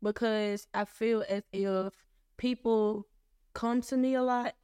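A woman's voice: a little high, takes it slowly, clean tone, dry recording, clean studio sound. Candid young woman hosting a faith podcast. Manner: candid, animated storytelling with acted-out dialogue. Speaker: podcast host. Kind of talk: casual faith podcast chat.

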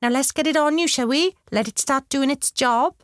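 In an audiobook, a woman plays a bossy, cheerful mother who coaxes and fusses over her daughter, her tone coaxing. She pitches the character high, above her own voice yet close to an everyday one, at normal speed. The recording is studio quality with no room sound.

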